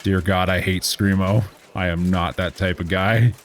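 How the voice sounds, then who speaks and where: A man's voice: low voice, fairly even intonation, normal speed. A man in his thirties giving casual gameplay commentary as a streamer, sarcastic, rambling and profane.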